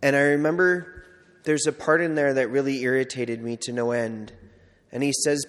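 A priest giving a casual, self-deprecating personal testimony, full of "like" and quoted asides. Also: male voice, mid-range voice, steady tone, normal speed, a bit bright. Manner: conversational, self-deprecating storytelling with many "like"s. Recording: long hall reverb.

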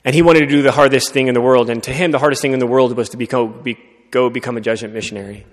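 A man preaching a sermon, telling a story in an earnest, conversational way and often dropping to a soft voice. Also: medium pitch, steady tone, very fast. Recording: long reverb of a large hall.

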